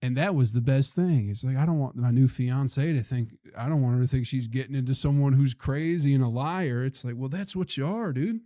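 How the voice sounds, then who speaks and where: A man's voice: medium pitch, a little fast, hardly any pauses, mellow, dry recording, clean studio sound. A young man hosting a podcast, telling a rambling, profane, exasperated comic story. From Flint, Michigan. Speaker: podcast host, comedian.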